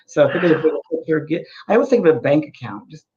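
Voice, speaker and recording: A man's voice: a little high, lively intonation, fast, a little mellow. A male co-host speaking in an earnest, storytelling way, repeating his points for emphasis in a casual spiritual talk show. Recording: dull, lo-fi sound.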